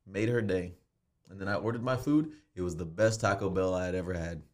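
A man's voice: sits low, fairly quick, a little mellow. A man chatting casually as a podcast co-host, slangy and laid-back, acting out his own stories. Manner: laid-back storyteller, slangy, acts out his own drive-thru orders. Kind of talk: casual chat.

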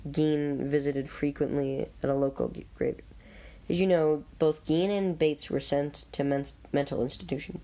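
A video host reading through a list and reacting on the fly, chatty and blurting out quick comments, often stumbling over names. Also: medium pitch, mellow.

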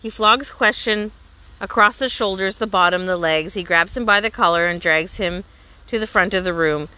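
A woman reading a story aloud with steady, measured narration. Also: mid-range voice, clear, resonant tone. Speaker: reader.

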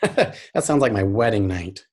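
A man's voice: on the low side, expressive, unhurried, a little mellow. A man hosting a podcast who jokes with his guest and laughs often. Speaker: podcast host. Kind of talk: casual podcast chat.

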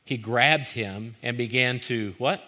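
A man preaching a sermon, earnest and direct, who rises to forceful emphasis and drops to a hushed, pleading tone. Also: mid-range voice, takes it slowly. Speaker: pastor.

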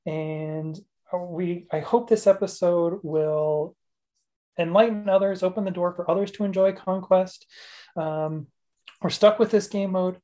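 A man's voice: high voice, steady tone, a little slow, dark tone. A man hosting a podcast, talking casually in a rambling, self-mocking way and laughing often. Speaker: podcast host. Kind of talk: casual chat.

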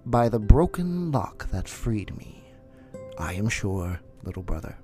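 A man voicing a wise, protective male black panther with a slow, deliberate, tender delivery in a storybook reading. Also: fairly low pitch, sing-song, dark tone, faint music behind. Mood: urging.

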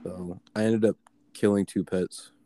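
A man's voice: deep voice, fairly even intonation, unhurried, mellow, a little hiss or hum. A young man telling a story in casual chat, rambling with many fillers and swearing. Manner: rambling, filler-heavy, profane.

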